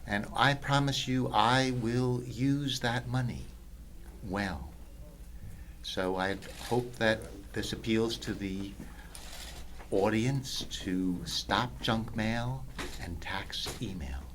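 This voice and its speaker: A man guest doing satirical in-character comedy, talking haltingly with hesitant ums. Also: on the low side, a bit bright, slight background noise.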